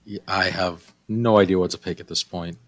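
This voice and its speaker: Male contestant, fairly low voice, hesitant and musing, dry sound. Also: steady tone, normal speed, no room sound. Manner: hesitant, thinking aloud. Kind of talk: casual game chat.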